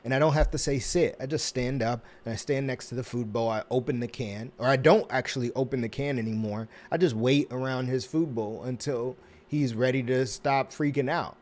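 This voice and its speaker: A man hosting a casual self-help talk, rambling with many restarts and fillers, and acting out little scenes with quick put-on voices. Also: mid-range voice, a little mellow. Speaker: host.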